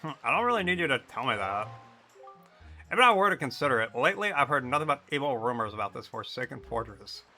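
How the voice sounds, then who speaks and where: A man's voice: medium pitch, big pitch swings, fast, sharp tone, soft background music, exaggerated voice. A man voicing a blunt, scornful young female pirate captain from a video game.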